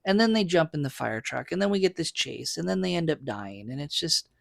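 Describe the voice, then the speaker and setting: Opinionated podcast co-host, dry close sound. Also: male voice, on the high side, expressive, fairly quick, creaky, a bit bright, dry recording. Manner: opinionated, lays out theories step by step. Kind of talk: casual movie discussion.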